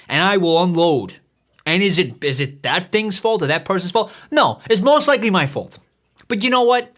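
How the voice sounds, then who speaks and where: Brief: man, about 30, rapid-fire podcast ranter, slightly high voice, swears and stumbles over restarts. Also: fairly bright tone. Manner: swearing, stammering restarts, heated rambling. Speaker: podcast host. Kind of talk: profane comedic rant monologue.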